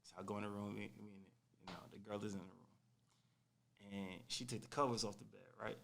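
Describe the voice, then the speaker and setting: A young man casually telling a personal story on a podcast, animated and full of slang, acting out what people said. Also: lowish voice, fairly quick, gravelly, a little hiss or hum. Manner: animated, slangy, acts out quotes.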